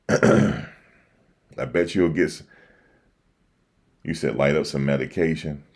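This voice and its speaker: Very deep-voiced East Coast man. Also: fairly even intonation, slow. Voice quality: very deep, slangy and repetitive. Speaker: livestream host reacting to election results. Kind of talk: casual livestream chat. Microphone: desk microphone.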